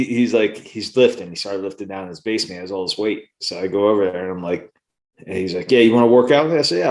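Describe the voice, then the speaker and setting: A middle-aged man co-hosting a podcast, telling rambling, profane stories in casual chat. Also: fairly low pitch. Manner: rambling, swearing, laughing storyteller. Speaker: podcast co-host.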